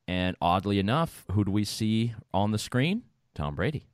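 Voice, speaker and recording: A man's voice: lowish voice, very animated, moderate pace, noisy background. A man hosting a radio show, chatting in a casual, loose way and laughing often. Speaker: radio host.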